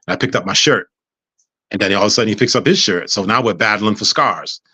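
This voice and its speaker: Fast-talking man telling a story. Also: fairly low pitch, husky, no echo. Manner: animated, acts out dialogue, frequent stammers and restarts. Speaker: guest. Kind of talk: casual storytelling.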